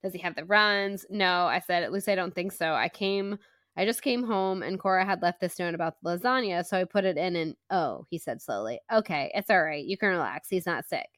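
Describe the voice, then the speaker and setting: A woman's voice: fairly low pitch, a little fast, no echo, studio quality. A woman co-hosting a podcast, retelling a book's chapters in a chatty, giggly way with many fillers. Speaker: podcast co-host. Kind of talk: casual book-club chat.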